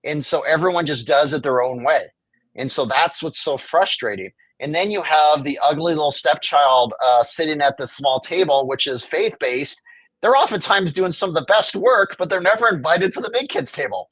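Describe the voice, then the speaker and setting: A man's voice: on the high side, animated, moderate pace, fairly bright tone, no room sound, low-quality recording. A man speaking as a guest in an interview, making his case with passion and acting out what officials would say. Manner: impassioned, argumentative, acts out quoted officials. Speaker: homelessness advocate guest. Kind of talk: conversational interview.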